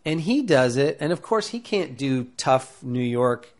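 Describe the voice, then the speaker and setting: A man giving acting advice in a loose, rambling talk full of fillers and restarts, getting animated as he goes. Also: medium pitch, measured pace. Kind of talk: casual talk to camera.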